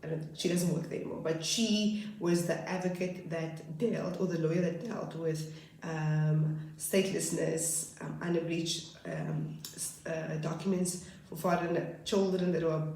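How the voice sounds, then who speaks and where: A woman's voice: low-pitched, steady tone, measured pace, vocal fry, a little mellow. A woman in her twenties tells a personal story in a casual, rambling way, often correcting herself mid-sentence. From South Africa. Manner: rambling, self-correcting, earnest. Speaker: vlogger. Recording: very echoey room.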